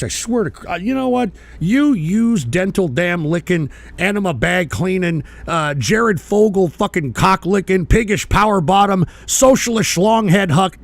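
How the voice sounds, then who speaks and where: A combative male host of a live political talk stream, cursing and barking back at trolls. His voice sits high and gravelly. It swings widely in pitch as he rants. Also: lively intonation, normal speed. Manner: profane, combative, shouts at trolls. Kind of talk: ranting live political commentary.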